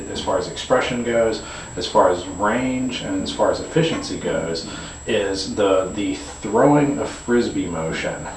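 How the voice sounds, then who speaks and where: A man giving a guitar lesson, explaining in a relaxed way with frequent fillers and restarts. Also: lowish voice, slight background noise. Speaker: guitar teacher. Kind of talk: demonstration lesson. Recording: echoey room, camera mic from a distance.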